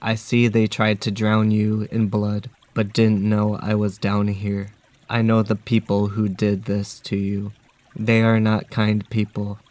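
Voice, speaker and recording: A man voicing a huge menacing talking wolf, delivering threats in a flat, measured way. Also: fairly low pitch, dry recording, lightly acted.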